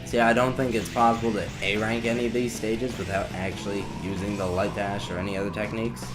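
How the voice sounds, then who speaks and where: A fast-talking young man with a fairly low, fairly flat voice gives let's play commentary. He rambles through the game with wry, sarcastic asides. Video game music plays behind him.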